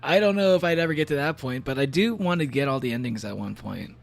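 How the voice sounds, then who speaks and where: A man's voice: medium pitch, expressive, quick pace, vocal fry. A man chatting casually on a game stream, rambling with many fillers and frequent laughs. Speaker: VTuber streamer.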